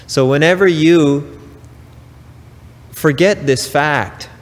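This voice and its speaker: A man giving a spiritual talk, preaching slowly and emphatically with pauses and casual asides. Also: fairly high pitch, long reverb tail. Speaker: spiritual teacher.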